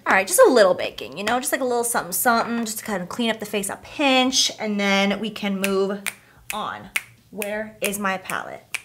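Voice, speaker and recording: A young woman chatting casually through a makeup tutorial, gushing over products and sometimes dropping to a soft near-whisper. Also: medium pitch. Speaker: beauty vlogger.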